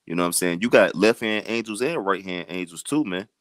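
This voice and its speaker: A low-voiced man leads a casual scripture lesson, circling back on his words and pressing his listeners with repeated questions. The sound is dry and close. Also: fairly quick, a bit bright, no echo. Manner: loose, repetitive, rising to emphatic challenges. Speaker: bible study teacher.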